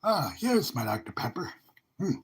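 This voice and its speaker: A man's voice: fairly high pitch, sing-song, normal speed, slight background noise. A man chatting casually to his viewers on a live stream, rambling and repeating upbeat exclamations. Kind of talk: casual livestream chat.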